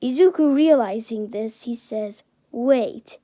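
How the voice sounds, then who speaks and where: A woman's voice: fairly high pitch, slow, dark tone, no echo. A woman improvising a fan-fiction story aloud, rambling, correcting herself and giggling.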